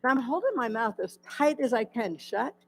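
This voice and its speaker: A woman's voice: a little high, very animated, normal speed, fairly bright tone, a little hiss or hum, low-quality recording. A woman giving her personal testimony at a church in a candid, conversational storytelling way. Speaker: guest speaker sharing her testimony.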